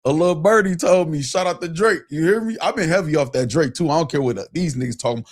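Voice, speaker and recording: A man's voice: a little high, fast talker. Slangy man hosting a livestream. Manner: loose and slangy, reading out chat shout-outs. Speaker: livestream show host. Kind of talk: casual livestream chat.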